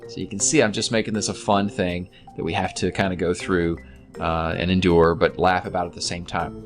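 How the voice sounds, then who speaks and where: A man's voice: low-pitched, fairly even intonation, fairly quick, faint music behind. A man reading a real estate form aloud clause by clause, breaking in with light jokes and side notes. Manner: reads clauses aloud, then jokes and asides. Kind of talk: casual explainer reading a document aloud.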